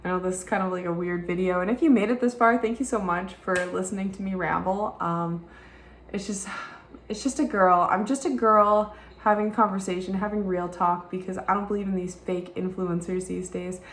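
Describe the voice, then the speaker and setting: This is candid personal vlog talk from a young woman with a Southern American accent who wanders from point to point and swears freely. She uses a mid-range voice, fairly even in intonation and moderate in pace, and the white-walled rented room sounds echoey.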